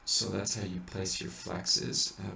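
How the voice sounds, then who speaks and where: Low gravelly guy walking through chant rules, halting, kinda far from the mic in an echoey room. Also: level tone, pushed and bright. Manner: thinks aloud, hesitant with many restarts, breaks into sung examples. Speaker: chant teacher. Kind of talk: informal music lesson. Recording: echoey room, mic at a distance, faint hiss.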